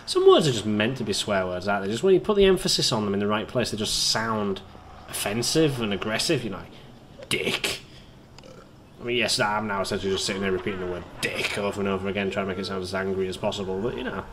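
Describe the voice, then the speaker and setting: A man casually commentating on his own gameplay, excitable and rambling, chatting to his viewers as a let's play host. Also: fairly low pitch, fast talker, noisy background. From Britain.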